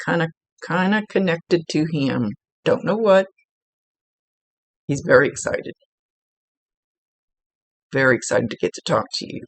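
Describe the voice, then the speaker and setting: A woman's voice: low voice, expressive, a little slow, long pauses, dry recording. A woman working as a psychic medium, talking through a casual one-on-one reading in a chatty, rambling way, often restarting her sentences.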